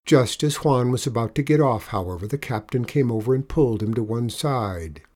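A man narrating a children's storybook aloud in a gentle, measured way. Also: mid-range voice, expressive. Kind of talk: storybook reading.

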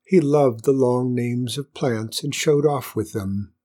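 A woman narrating a children's story with gentle, wry asides. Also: very deep voice, takes it slowly.

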